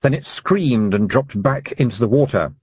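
A man narrating an audiobook for young readers in a lively, expressive reading style. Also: medium pitch, normal speed, husky, no echo, lo-fi sound. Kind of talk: scripted storybook narration.

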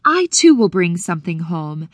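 A woman voicing a brave young girl in an audiobook, in a raised, high, excited voice. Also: moderate pace, no room sound. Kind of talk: audiobook character voice.

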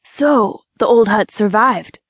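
An easygoing young snowboarder guy with a relaxed, friendly drawl, as a woman narrating an audiobook puts him on. The voice is mid-pitched and sits in a dry, close studio with no room sound. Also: takes it slowly, slightly rough, no room sound. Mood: wistful.

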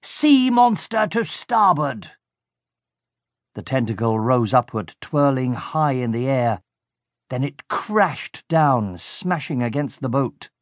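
A man narrating a children's audiobook in a lively, expressive way. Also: mid-range voice, takes it slowly, dry recording, clean studio sound.

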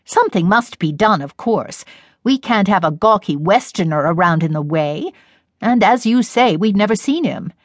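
Snobbish, impatient middle-aged mother, read by a woman narrator, brisk and haughty. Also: medium pitch, animated, no echo, clean studio sound, natural voice.

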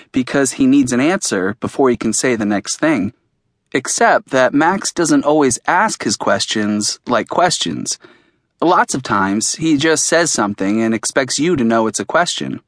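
A man narrates an audiobook in the first person. His voice sits at a middle pitch, and he tells the story plainly and earnestly. The recording is close and dry. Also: a bit bright, no echo.

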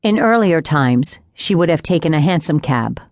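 Reading from an audiobook script, a woman whose voice is distinctly low keeps a steady, measured delivery. The sound is dry and close-miked, free of echo or any sense of the room.

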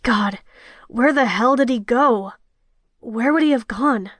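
A woman voicing a gruff, frustrated young man who speaks curtly and on edge. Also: fairly high pitch, slow, fairly bright tone, no room sound. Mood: irritated. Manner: curt, irritated.

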